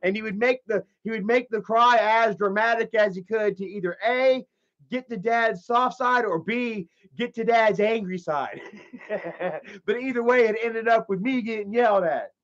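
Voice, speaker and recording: In dull lo-fi stream audio, a man with a high, fairly bright voice rambles through a long story as he hosts a livestream. He talks at a moderate pace, swearing and restarting throughout his casual rant.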